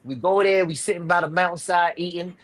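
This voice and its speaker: A man hosting a live online panel, telling a rambling, profane story with big swings between loud and quiet, a little drunk. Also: high-pitched, steady tone, brisk, no echo, poor audio. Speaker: live show panel host.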